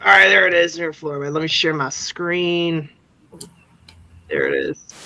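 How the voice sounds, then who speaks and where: A man's voice: fairly high pitch, huge pitch swings, unhurried, bright, forceful tone, low-quality recording. A man guesting on a casual livestream, chatting in an offhand, rambling way.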